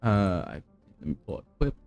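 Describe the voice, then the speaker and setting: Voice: quick pace, mellow, soft background music. A player in a tabletop game giving bossy instructions and teasing the others.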